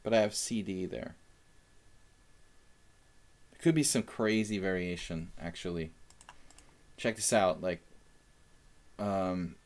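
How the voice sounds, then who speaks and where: Low-voiced chatty man streaming chess. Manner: chatty, thinks aloud with fillers. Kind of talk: casual live-stream commentary.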